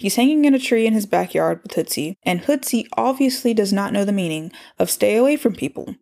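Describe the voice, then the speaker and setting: A woman's voice: medium pitch, lively intonation, brisk, creaky, a little mellow. A woman chattily recapping a cartoon episode, with exasperated asides. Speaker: show recapper. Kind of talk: casual recap and commentary.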